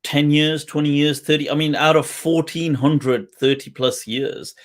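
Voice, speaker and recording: A man hosting a casual live-stream chat, relaxed and drawn out, with laughs between phrases. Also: a little high, a little slow. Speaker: host.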